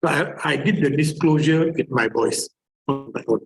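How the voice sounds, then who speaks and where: A man's voice: medium pitch, moderate pace, low-quality recording. A man from Malaysia with a Malaysian English accent, a therapist giving a chatty conference presentation full of fillers and repeats.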